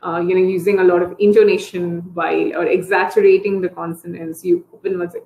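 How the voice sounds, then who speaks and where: A woman therapist explaining language techniques to parents in a training session, breaking into high sing-song voices to model how to talk to children. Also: little pitch movement, brisk, few pauses, warm tone, reverberant, low-quality recording. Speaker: early intervention therapist. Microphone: video call.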